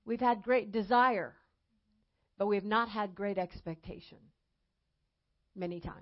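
A woman evangelist preaching a sermon emphatically, slowing down and rising in volume on key phrases. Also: mid-range voice. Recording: dull lo-fi sound.

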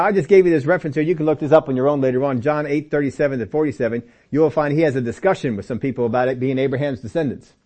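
Here a man with a mellow, mid-range voice delivers sermon teaching from the Bible. His style is emphatic and repetitive for stress, aimed directly at the people listening, some of whom he calls by name.

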